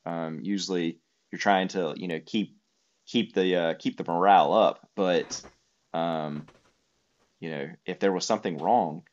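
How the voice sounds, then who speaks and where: A man's voice: deep voice, steady tone, unhurried, a little mellow, highs cut off. A man telling a trip story in casual conversation, rambling with many fillers. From United States.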